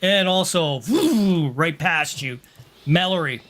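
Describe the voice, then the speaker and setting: Slow-talking game master man. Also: a little high, expressive, fairly bright tone. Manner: unhurried, adds sound effects. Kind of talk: narrating a tabletop game.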